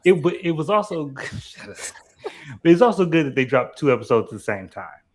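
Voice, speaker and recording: A man's voice: a little high, very animated, brisk. A man on a live panel, giving his opinions hesitantly and often restarting his sentences. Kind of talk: casual live panel discussion.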